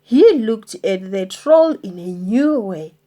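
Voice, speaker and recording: A woman reading a children's storybook aloud in an expressive, deliberate manner. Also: mid-range voice.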